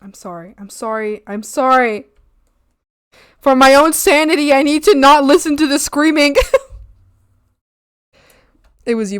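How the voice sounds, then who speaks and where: A young woman streaming her art, chatting playfully with viewers, silly and quick to squeal and laugh. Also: sits high, clear, resonant tone, dry recording, studio quality. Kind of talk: casual chat with live viewers.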